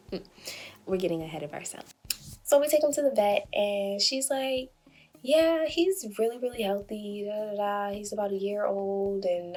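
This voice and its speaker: Young woman vlogger, casual animated storytelling, mid-pitched, light music under. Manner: chatty, laughing, acts out quotes.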